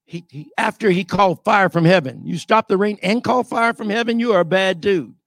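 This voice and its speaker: A man preaching a sermon, emphatic and often shouting, calling out rhetorical questions to the congregation. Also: high-pitched, brisk, gravelly, no echo, studio quality.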